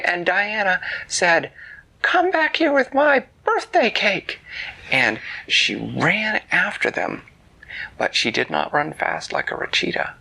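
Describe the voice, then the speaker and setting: Gravelly, animated bedtime storyteller man. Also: mid-range voice, poor audio. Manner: playful, drops into whispers. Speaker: parent storyteller. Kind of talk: improvised bedtime story narration.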